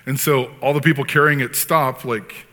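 A man preaching a sermon as pastor, talking in an animated, conversational way with frequent asides. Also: mid-range voice, moderate pace. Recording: long hall reverb.

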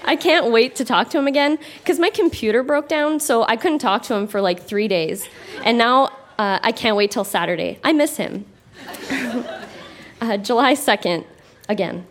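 A woman's voice: on the high side, normal speed, a little hiss or hum. Woman reading her teenage diary. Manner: wry, laughing between entries. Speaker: reader on stage. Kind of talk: reading childhood diary aloud to a live audience. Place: theatre stage with audience.

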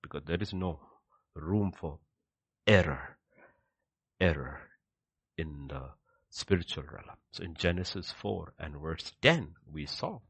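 A man preaching a sermon with emphatic rhetorical questions, swinging between loud declarations and hushed asides. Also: low-pitched, lively intonation, measured pace, creaky, breathy edge, dry recording.

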